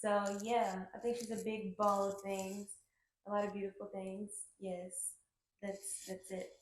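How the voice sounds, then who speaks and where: A woman's voice: medium pitch, flat delivery, unhurried. A woman co-hosting a podcast in casual chat, talking frankly with many fillers and casual swearing. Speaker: podcast co-host. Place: indoor room, on a couch. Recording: echoey room, faint noise.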